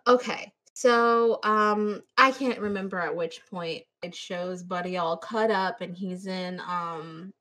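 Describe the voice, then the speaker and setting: A woman's voice: lowish voice, slow, hardly any pauses, a bit bright. A woman hosting a podcast, casually retelling a movie with plenty of swearing and quoted voices. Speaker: podcast host. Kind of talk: casual movie-review chat.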